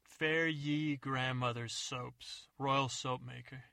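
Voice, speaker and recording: A man's voice: mid-range voice, fairly even intonation, takes it slowly, gravelly, bright, forceful tone, dry recording, heavily acted. A man voicing a chatty, stammering old male soap maker in an improvised comedy story. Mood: genial.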